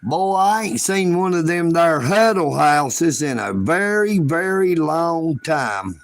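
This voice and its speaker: A man's voice: a little high, expressive, takes it slowly. A man from chatting on a livestream in a folksy, joking, rambling drawl. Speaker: livestream host. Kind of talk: casual livestream chat.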